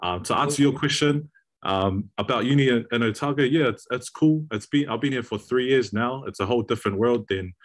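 A young man with a New Zealand accent, a university student guest chatting in a relaxed way with frequent restarts. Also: mid-range voice, brisk. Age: young adult. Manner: relaxed, repeats words when starting. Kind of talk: casual chat.

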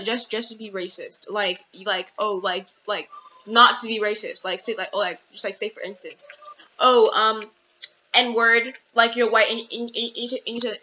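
A young woman hosting a casual home podcast speaks a little slowly in a voice on the high side, steady, pushed and bright. Her commentary rambles with many restarts and fillers, and the audio is dull lo-fi with faint noise.

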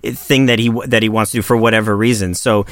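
A man's voice: on the low side, steady tone, fast, a bit bright, no room sound. A man co-hosting a casual parenting chat, thinking aloud with many restarts and fillers. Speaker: podcast co-host and father of twins.

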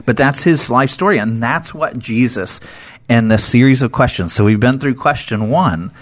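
A man's voice: medium pitch, moderate pace. A man co-hosting a casual Bible discussion, explaining scripture in an earnest, emphatic way.

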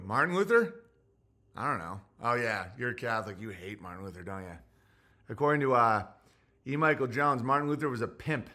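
A man's voice: medium pitch, bright, forceful tone. A man hosting a podcast, ranting casually in a profane, provocative, rambling way. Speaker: podcast host. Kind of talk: casual comic rant.

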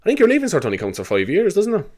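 A man's voice: high-pitched, huge pitch swings, a little mellow. An Irish man in his twenties hosting a casual solo podcast, rambling from one thought to the next, swearing freely and laughing often. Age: 20s. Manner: rambling, sweary, quick to laugh, with many fillers. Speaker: podcast host.

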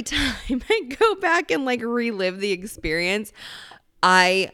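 A woman's voice: mid-range voice, fairly bright tone, smooth, no echo, clean studio sound. A woman hosting a podcast, chatting casually and telling a rambling, profane story. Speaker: podcast host. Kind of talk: casual chat.

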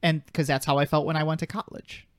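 A man's voice: a little high, level tone, fast, no echo, clean studio sound. Rambling young man in his twenties. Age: 20s. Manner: rambling, filler-heavy and sidetracked. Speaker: podcast co-host. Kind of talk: casual chat.

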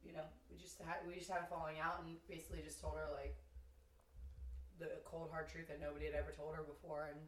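A woman's voice: low voice, little pitch movement, fast, a little hiss or hum. A woman in her twenties chatting as a podcast guest, straightforward and casually swearing. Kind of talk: casual chat. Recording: roomy echo.

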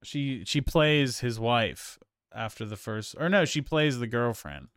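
A man's voice: mid-range voice, measured pace, fairly bright tone, no echo, clean studio sound. A man co-hosting a casual film review chat, rambling with many fillers and restarts. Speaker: podcast co-host.

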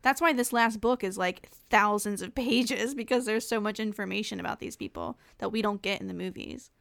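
A young woman co-hosting a podcast, speaking bluntly in casual chat, swearing and restarting in quick bursts. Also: mid-range voice, creaky, a bit bright, no room sound. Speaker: podcast co-host.

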